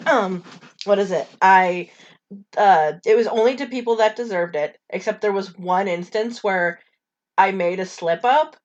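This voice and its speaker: A woman co-hosts a casual podcast, chiming in bluntly and wryly. Her voice sits at an everyday pitch and comes through a slightly dull, lo-fi recording. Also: unhurried. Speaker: podcast co-host. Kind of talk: casual chat.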